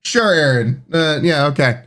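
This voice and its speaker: A man's voice: a little high, animated, unhurried, fairly bright tone. A man streaming live, chatting casually, reading out chat and rambling with lots of fillers. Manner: rambling, reads chat aloud, many fillers.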